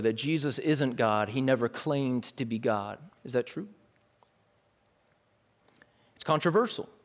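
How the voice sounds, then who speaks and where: A male pastor preaching a sermon in a casual, lively way, dropping slang asides. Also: a little high. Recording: long hall reverb.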